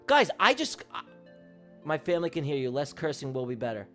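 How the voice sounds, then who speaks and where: A brash, profane man talks live about day trading, getting worked up as he goes. His voice sits high and swings up and down a great deal. A soft music bed plays faintly behind him. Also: very animated, fairly quick. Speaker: day trader hosting a livestream. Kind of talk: live trading stream chat.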